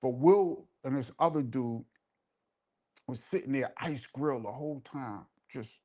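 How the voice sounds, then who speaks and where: A man's voice: mid-range voice, unhurried, darkish tone. A man hosting a live show and telling a laid-back, laughing story in casual street slang. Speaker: host and DJ.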